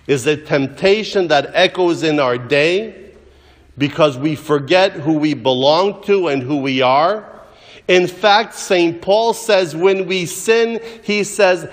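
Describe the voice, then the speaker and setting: A man preaches in a slightly high voice and takes his time over every phrase. He moves between storytelling and recitation with a measured, deliberate delivery. His voice rings out with the long reverb of a large church. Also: expressive. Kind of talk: sermon.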